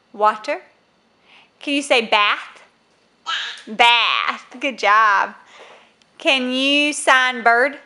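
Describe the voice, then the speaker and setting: A woman's voice: high-pitched, sharp tone, slight background noise. A young woman filming her small children at home on a phone, coaxing them with encouraging questions. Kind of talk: casual home video. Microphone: phone camera held while filming.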